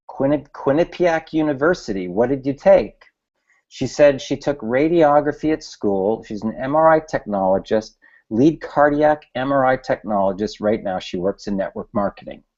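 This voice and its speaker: Casual male coach talking through a screen share, relaxed delivery, muffled home recording. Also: mid-range voice. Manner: casual, chatty, repeats "okay" and "right". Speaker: business coach. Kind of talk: screen-share tutorial talk.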